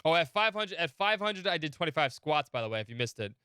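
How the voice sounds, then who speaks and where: Bright-voiced man chatting on a game stream. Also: a little high, very animated, fast talker, smooth, no echo, clean studio sound. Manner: chatty, joking, counting along. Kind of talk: casual game livestream commentary.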